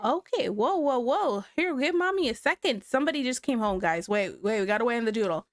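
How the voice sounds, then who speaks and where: A woman with a somewhat high voice chats casually with her livestream audience as she draws. She sounds relaxed and talkative, and the recording is close and dry, with little room sound. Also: a little fast, no room sound. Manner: chatty, relaxed, talks to chat while drawing. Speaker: livestreamer drawing on stream.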